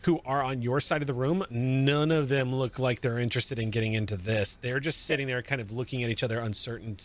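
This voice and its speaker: A man narrating as game master in a relaxed, chatty way, with frequent fillers. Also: mid-range voice, fairly quick.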